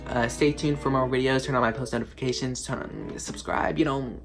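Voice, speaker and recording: A man's voice: mid-range voice, fairly even intonation, brisk. Teen guy rambling over background music. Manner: rambling, filler-heavy, lots of "like". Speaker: vlogger. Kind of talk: casual storytime monologue. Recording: clear music playing under the voice.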